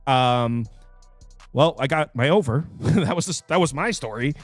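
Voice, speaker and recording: A man hosting a sports betting picks show, talking casually and quickly, full of fillers and quick asides. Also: mid-range voice, dry recording, faint music behind. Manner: animated, quick, with fillers and self-interrupting asides.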